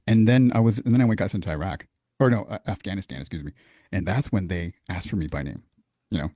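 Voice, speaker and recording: A man's voice: low-pitched, quick pace, dry recording, clean studio sound. A man who is a military veteran, telling a story in a casual interview, swearing freely and acting out the dialogue. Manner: profane, animated, acts out quoted dialogue.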